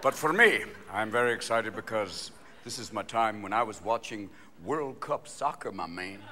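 A man doing stand-up comedy on a theater stage, manic and rapid-fire, leaping between voices and shouts. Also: lowish voice, expressive, a little hiss or hum. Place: theater stage before a live audience.

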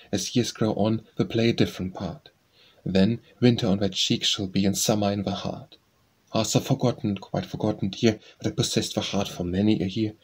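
A man reading poems aloud as an audiobook narrator, in a slow, measured recitation with a husky voice. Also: lowish voice. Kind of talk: scripted poetry reading.

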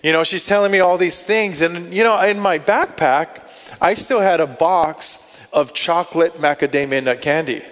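A male pastor telling stories in a sermon, animated, acting out what people said and thought. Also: a little high, moderate pace. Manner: animated, acts out quotes and inner thoughts. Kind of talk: storytelling sermon. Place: church sanctuary. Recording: long hall reverb.

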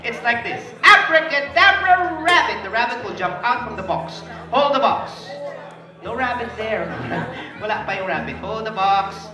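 Working a kids' party as a magician, a woman with a Filipino accent playfully coaxes and teases the children through each trick. She speaks at normal speed in a medium-pitched voice, recorded far from the mic in an echoey hall with music and a crowd.

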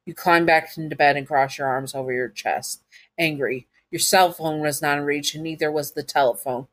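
A woman's voice: sits low, steady tone, normal speed. A woman narrating a second-person audio story to the listener, with casual asides.

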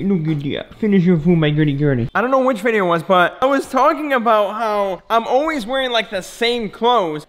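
A young man in a casual morning vlog at home, talking to a handheld camera in relaxed slangy chatter with a groggy morning voice. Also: sits high. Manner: relaxed slangy chatter, baby talk to his dogs. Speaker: vlogger. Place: home, indoors.

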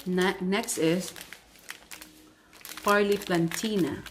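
A woman vlogger chatting casually while she tastes snacks, unhurried and talking between bites. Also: lowish voice, steady tone, slight background noise. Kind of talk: casual food-tasting vlog.

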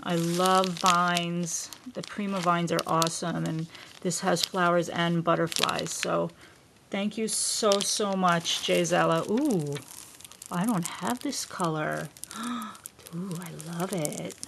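Slow, gushing woman with vocal fry. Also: lowish voice, steady tone, noisy background. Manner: gushing and effusive, often trails off mid-sentence. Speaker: craft vlogger unboxing gifts. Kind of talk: casual chat to camera. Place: at home.

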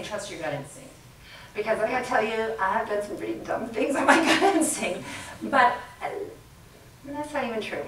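A middle-aged woman giving a leadership talk to an audience, chatty and quick to laugh. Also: on the high side. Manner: chatty, laughs often, plays with the crowd. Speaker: guest speaker. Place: lecture room with audience. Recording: roomy sound from a distant mic, faint background noise.

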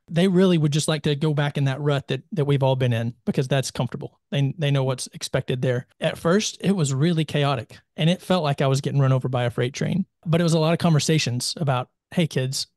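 A man's voice: on the high side, darkish tone, dry recording, clean studio sound. A man speaking as a podcast guest, earnest and reflective in casual conversation.

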